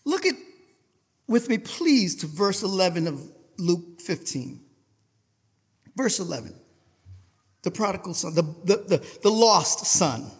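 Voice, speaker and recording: A male preacher delivering an impassioned sermon. He fires rhetorical questions at the congregation and swings between hushed asides and loud outbursts. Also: high-pitched, very animated, takes it slowly, pauses often, big-room sound.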